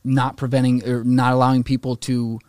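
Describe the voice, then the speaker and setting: A man's voice: medium pitch, moderate pace, no echo, studio quality. Opinionated man in casual podcast chat. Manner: animated, opinionated, swearing, putting on mocking voices for quotes.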